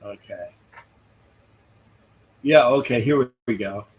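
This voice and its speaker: A man hosting a live stream, rambling through casual talk and greeting viewers by name between calls of the game. His pace is slow and unhurried, and his pitch sits in an ordinary middle range. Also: husky, rough recording. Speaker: livestream host. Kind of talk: casual live chat with play-by-play.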